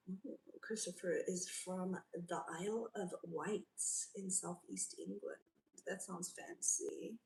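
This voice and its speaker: A woman's voice: fairly low pitch, fairly even intonation, slow, creaky, a little mellow. Chatty woman livestreaming from a roomy space. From South Africa. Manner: chatty, reads out and answers viewer comments. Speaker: livestream host. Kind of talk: casual livestream chat. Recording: roomy, from a distance.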